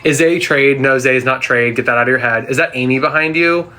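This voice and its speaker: A man's voice: medium pitch, pushed and bright. A young man at home, chatting sassily into his phone as he answers fan questions on a live stream. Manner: chatty and sassy, quick comebacks. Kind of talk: casual live Q&A chat. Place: at home, sitting on the floor.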